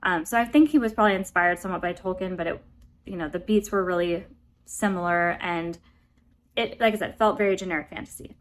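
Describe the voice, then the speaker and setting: An American woman with a lowish voice chatting through a book review in a loose, rambling way. She often stops to apologize and sounds relaxed and conversational. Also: slight background noise. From United States. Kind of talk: casual book review vlog.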